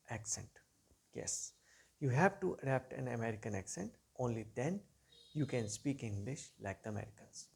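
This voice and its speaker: A man coaching viewers on spoken English in a straight-to-camera lesson. His mid-range voice has a gravelly, fry-edged texture. He delivers earnest, repetitive advice, his loudness rising and dipping as he goes. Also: medium pitch. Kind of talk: instructional video monologue.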